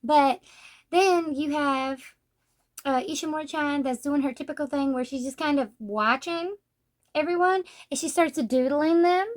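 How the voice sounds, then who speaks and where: A chatty young woman with a high, light voice talks through a manga volume. Her delivery is casual and loose, with "like" dropped in every few words. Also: measured pace. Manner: chatty, says "like" often. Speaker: manga reviewer. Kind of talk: casual book review.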